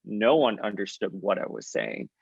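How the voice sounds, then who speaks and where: A man's voice: fairly low pitch, wildly swooping pitch, normal speed, creaky, slightly rough, no room sound. A man with a Miami accent whose first language is Spanish, hosting a podcast and chatting playfully, laughing easily. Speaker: podcast host. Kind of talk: casual chat, interviewing. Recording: dull, dry sound.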